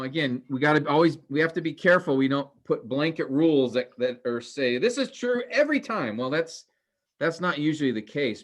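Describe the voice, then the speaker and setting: Man teaching a Greek grammar class. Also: medium pitch. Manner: questioning, explanatory, many pauses.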